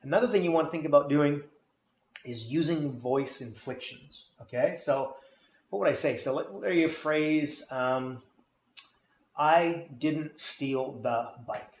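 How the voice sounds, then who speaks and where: A man's voice: on the high side, moderate pace, a little mellow. A man coaching on sales, talking emphatically and often checking in with "okay?" and "right?". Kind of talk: instructional talk on selling. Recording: echoey room with faint noise.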